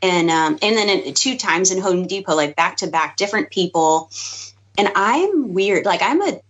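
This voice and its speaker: A woman chatting casually as a podcast guest co-host, talking quickly with lots of fillers and giggles. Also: on the low side, animated, fairly bright tone. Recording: dull lo-fi podcast audio.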